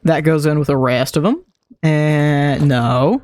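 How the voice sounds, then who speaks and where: Unhurried streamer muttering through gameplay. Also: mid-range voice, darkish tone. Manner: muttering and thinking aloud to self. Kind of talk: casual gameplay commentary.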